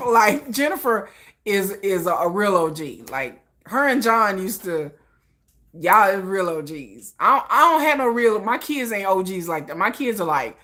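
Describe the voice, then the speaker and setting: A woman's voice: medium pitch, sing-song, normal speed, pushed and bright. A woman hosting a casual livestream, chatting and laughing often and greeting viewers in the chat. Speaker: livestream host.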